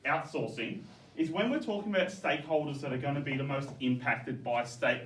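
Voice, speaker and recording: A male teacher, giving classroom feedback in a coaxing, brisk way, often checking "okay?". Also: mid-range voice. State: out of breath. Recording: echoey classroom, from far off, faint background noise.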